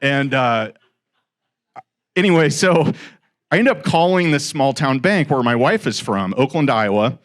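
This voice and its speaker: A man's voice: mid-range voice, unhurried, pauses often. A middle-aged man telling a story to a live audience about his first real estate deal, acting out the dialogue as he goes. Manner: animated, acts out quoted dialogue.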